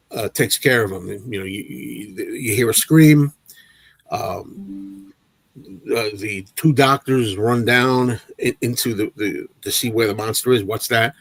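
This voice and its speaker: A man hosting a casual movie chat livestream, telling an animated anecdote with frequent restarts and repeated words. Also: medium pitch, no echo. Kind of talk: casual storytelling to a live chat.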